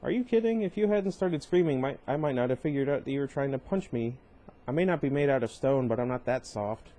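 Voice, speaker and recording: A man's voice: medium pitch, lively intonation, brisk, warm tone, natural voice, rough recording. A man reading aloud and voicing a pushy, cheerful teenage boy who talks in an insistent, cocky way.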